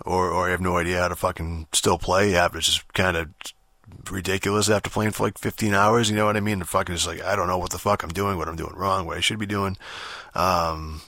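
A man's voice: low-pitched, bright, forceful tone, no room sound. A man hosting his own podcast, rambling through a casual rant that is full of swearing, fillers and restarts. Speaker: podcast host.

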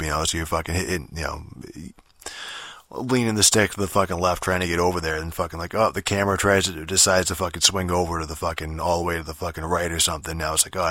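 A man's voice: deep voice, bright, forceful tone, no echo, studio quality. A man giving a casual, rambling game review, swearing constantly and full of fillers and restarts.

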